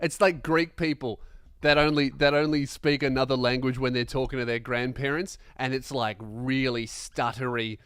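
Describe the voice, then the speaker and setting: A young man hosting a comedy podcast, ranting in an animated, profane, self-mocking monologue. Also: medium pitch, normal speed, clear, resonant tone, no room sound, clean studio sound.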